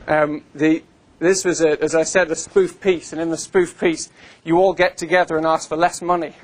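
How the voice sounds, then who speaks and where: A man's voice: fairly high pitch, little pitch movement, moderate pace. A man giving a conference presentation to a live audience, talking in a wry, conversational way with frequent ums and uhs. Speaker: invited speaker.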